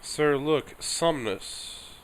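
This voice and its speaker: A man's voice: fairly high pitch, animated, extremely slow, slight background noise, pitched above the performer's own voice. A man reading aloud game characters' lines in a hammy, slightly raised voice. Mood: hamming.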